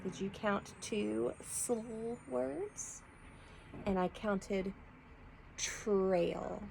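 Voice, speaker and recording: Slow, clear-spoken preschool teacher woman. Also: medium pitch, darkish tone, a little hiss or hum, rough recording. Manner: slow, clear, sounding out letters and blends. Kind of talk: slow read-aloud lesson for young children.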